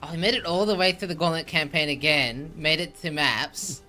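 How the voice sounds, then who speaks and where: Co-caster, a relaxed, teasing man with a bright forceful tone, casual commentary over light music. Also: fairly high pitch, moderate pace.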